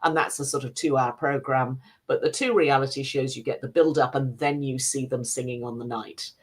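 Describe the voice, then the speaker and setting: A British woman reviewing television on a radio show, talking in a measured, chatty way with frequent fillers. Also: a bass voice, fairly even intonation. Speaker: film and TV critic. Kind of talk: casual review chat.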